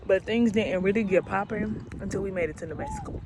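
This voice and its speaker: A woman vlogger tells a story in a chatty, unhurried way, full of slang. She talks casually to her viewers. Loud outdoor and traffic noise sits clearly behind her voice. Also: medium pitch, wildly swooping pitch. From Alabama, US South. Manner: laid-back, slangy and chatty. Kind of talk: storytelling vlog.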